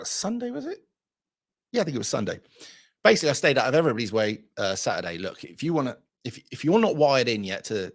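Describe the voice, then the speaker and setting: A middle-aged man, ranting bluntly and profanely to camera as a channel host and retelling a pub story. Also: medium pitch. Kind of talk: casual ranting vlog.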